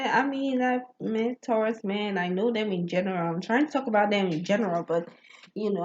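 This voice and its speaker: This astrology vlogger has a medium-pitched voice, recorded in slightly muffled lo-fi audio with a bit of background noise. Telling a personal story in a relaxed monologue, she stumbles, starts words over, laughs frequently and repeatedly checks, "you get what I'm saying?"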